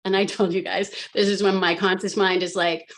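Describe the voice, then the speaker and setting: Animated woman retelling a story. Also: mid-range voice, a little fast. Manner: animated, filler-heavy retelling with acted quotes of herself. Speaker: hypnosis practitioner recounting her own session. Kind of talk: casual storytelling on a live panel.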